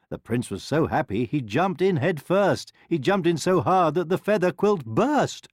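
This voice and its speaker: A man reading a rhyming bedtime story aloud in a sing-song, expressive way. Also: a little high, moderate pace, few pauses, no room sound, clean studio sound. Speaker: narrator.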